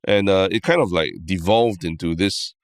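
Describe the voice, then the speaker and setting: A Singaporean man hosting a podcast in casual chat, easygoing and full of soft agreeing murmurs. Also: deep voice, moderate pace, no echo, clean studio sound. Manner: easygoing, lots of soft mm-hmms. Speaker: podcast host.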